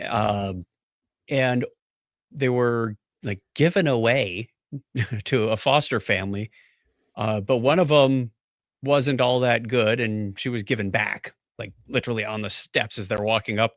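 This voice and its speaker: A man's voice: mid-range voice, measured pace, no echo, studio quality. A man co-hosting a podcast, telling a rambling story in casual chat and laughing often. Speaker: podcast co-host.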